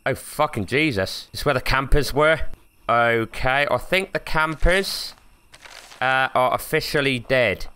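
With a medium-pitched, clear and resonant voice and a measured pace, this young gaming YouTuber narrates his run through a horror game. He cracks jokes, curses freely, gets excited, and lets out yelps when he's startled.

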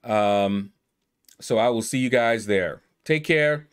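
A man with a mid-range voice talks through a game leaderboard in a loose, easygoing way. He shouts out players one by one and stretches some of their names in a playful drawl. It sounds like a casual gaming video. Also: medium pitch, slow, clean tone. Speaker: gaming YouTuber. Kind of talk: casual commentary reading a leaderboard.

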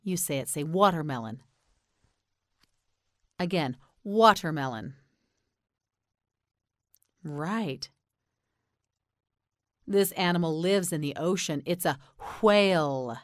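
An American woman teaching English pronunciation, slowly enunciating words and patiently prompting the listener to repeat them. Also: low-pitched, animated, no echo, clean studio sound. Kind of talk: slow repeat-after-me pronunciation drill.

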